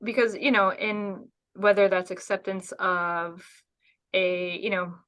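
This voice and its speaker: A woman podcast host speaking casually in a reflective, halting way with many fillers. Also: medium pitch, flat delivery, fairly bright tone.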